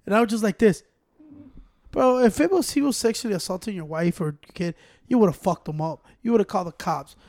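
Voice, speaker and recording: A man's voice: high-pitched, brisk, a little mellow, no room sound, studio quality. A man in casual chat, mixing in Spanish slang and swearing a lot. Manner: switches between English and Spanish slang, profane.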